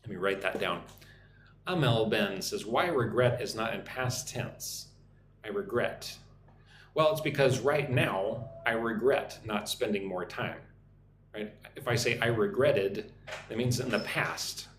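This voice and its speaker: A young American man teaching English on a live stream, chatting with viewers and repeating phrases slowly for practice. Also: lowish voice, fairly bright tone. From United States. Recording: echoey room with faint noise.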